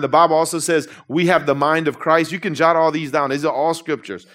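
A middle-aged man preaching in a church, animated and conversational with casual slang. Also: fairly high pitch, fairly quick, few pauses. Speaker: pastor. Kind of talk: sermon. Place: church sanctuary.

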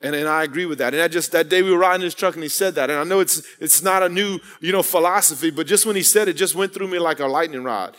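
Pastor guy preaching, earnest storytelling, kinda high voice, church echo hanging after every line. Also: fast, hardly any pauses, fairly bright tone. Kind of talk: sermon. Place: church sanctuary. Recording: long reverb of a church hall.

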